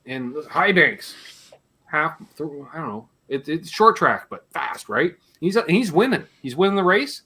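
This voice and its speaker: Host, forties, from Canada: rambling and jokey, lively swings in pitch. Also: male voice, measured pace, breathy edge. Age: 40s. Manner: rambling and jokey, laughs between remarks. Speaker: host of a live guitar Q&A stream. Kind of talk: casual chat.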